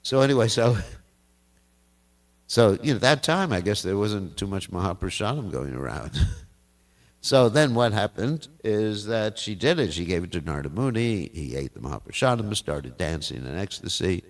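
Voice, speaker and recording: Older man with a deep gravelly voice. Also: big pitch swings, normal speed, recorded from a distance. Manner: chuckling, folksy asides. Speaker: class speaker. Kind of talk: storytelling scripture class. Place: temple hall.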